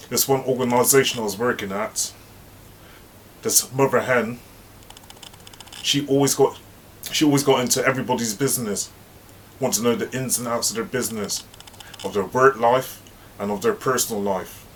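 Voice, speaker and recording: A man's voice: medium pitch, a bit bright, a little hiss or hum. A man hosting his own channel, telling a story in a chatty, anecdotal way with emphatic asides. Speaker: host. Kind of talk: casual storytelling monologue.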